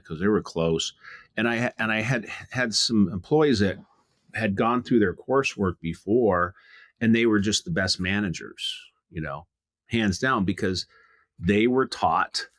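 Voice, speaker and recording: A middle-aged home services business owner, appearing as a guest, answers interview questions frankly and at length, restarting often and swearing mildly. His voice is deep and a bit bright, recorded at studio quality with no echo.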